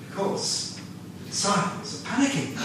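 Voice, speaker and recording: Unhurried man preaching in an echoey church. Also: fairly high pitch, noisy background. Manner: conversational, storytelling, half-sings lyrics. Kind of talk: sermon. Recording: echoey room from far off.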